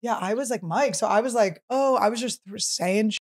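A somewhat high-voiced woman in her thirties hosts a podcast. She tells a story in quick casual chat, full of "like" fillers. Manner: animated storytelling with many "like" fillers. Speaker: podcast host.

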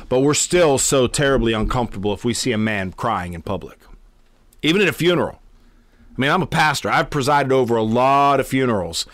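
A man's voice: mid-range voice, a bit bright, no echo. A man, a pastor, teaching a Bible study in an earnest, conversational way, with many fillers and repeated words.

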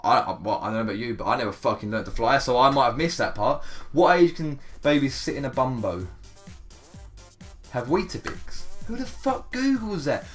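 A young man doing casual gameplay commentary, swearing often and quick to get exasperated and mock himself. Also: mid-range voice, big pitch swings, faint music behind. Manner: swears a lot, quick to exasperation, self-mocking. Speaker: gaming YouTuber.

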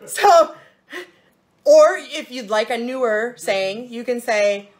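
A woman's voice: on the high side, expressive, takes it slowly. Bubbly, gushing woman selling jewelry. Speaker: jewelry consultant hosting a live sales show. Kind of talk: casual live sales pitch.

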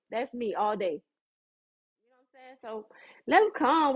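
A high-voiced woman preaching on a livestream, fervent and conversational with a dramatic flair. Her voice is husky and breathy, and the audio is dull and lo-fi. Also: animated, normal speed, long pauses.

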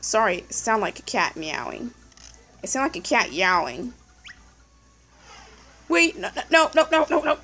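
A young woman commentating her puzzle game casually, excitable, yelling at the game and repeating "no" over and over. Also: on the high side, unhurried, long pauses, faint music behind, poor audio. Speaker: gameplay commentator.

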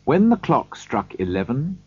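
A man reading a storybook aloud slowly for learners, in scripted narration. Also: mid-range voice, sing-song, lo-fi sound. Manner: slow, clear reading for learners.

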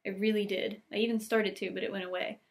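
Gently reading woman, gravelly and flat. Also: mid-range voice. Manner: gentle, unhurried reading, lingering on cozy details. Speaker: book channel host reading aloud. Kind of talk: storybook read-aloud with casual asides.

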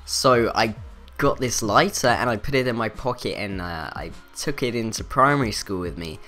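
A man with a low voice tells a school story in a loose, rambling way. He stops and restarts often, and faint music plays under him. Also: normal speed, pushed and bright. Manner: rambling, filler-heavy, self-interrupting. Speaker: vlogger. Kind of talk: casual storytelling.

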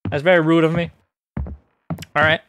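A young man streaming a horror game, joking and excitable, bursting into high squeaky outbursts. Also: normal speed, noisy background. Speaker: gaming streamer.

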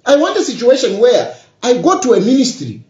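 A man's voice: very high-pitched, wildly swooping pitch, fairly quick, darkish tone. A Zambian man talking to his audience in an emphatic, repetitive way that builds to insistence. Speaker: politician. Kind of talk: political address to social media. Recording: echoey, dull lo-fi room sound.

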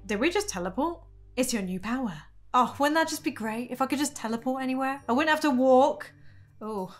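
A young woman commenting on an animated story video with giggly, incredulous running remarks. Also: sits high, fairly quick. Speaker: gaming reaction YouTuber. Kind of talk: reacting to an animated story with voiced lines.

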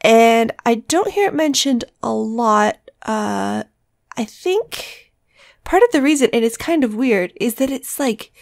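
A young woman recording a casual vlog voice-over in the early morning, her voice still groggy from sleep. She keeps it soft so she won't wake the rest of the house, and she rambles and corrects herself as she goes. The sound is dry and close, with almost no room echo. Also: a little high, animated, unhurried, vocal fry, hardly any pauses. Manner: speaks softly to avoid waking the household. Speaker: planner vlogger. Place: separate room at home.

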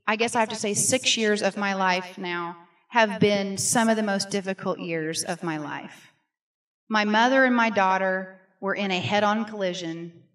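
A middle-aged woman from Missouri tells her story from the pulpit with earnest emphasis. Her voice is picked up from a distance in a church sanctuary. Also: mid-range voice. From Missouri, USA. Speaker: guest speaker. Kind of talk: personal testimony sermon.

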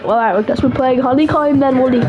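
A woman's voice: high-pitched, quick pace, muffled recording, very noisy. A woman giving casual, slangy, joking gaming commentary while talking to her teammates. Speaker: gamer.

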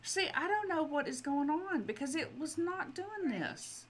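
A woman's voice: high voice, expressive, unhurried, crowd noise. A woman giving casual let's-play commentary, chatty and exasperated as she pleads with the characters in her game. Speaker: gaming video creator.

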